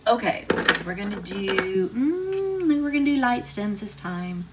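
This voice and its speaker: A woman's voice: mid-range voice, animated, normal speed. A middle-aged woman giving a casual crafting tutorial, chatty and thinking aloud as she works. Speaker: card-making instructor. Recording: distant mic, noisy room.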